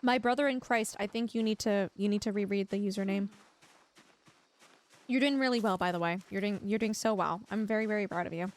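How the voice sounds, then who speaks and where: A woman's voice: mid-range voice, brisk. A young adult woman from Canada, livestreaming a game and chatting casually and giggly with her viewers. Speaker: livestream gamer.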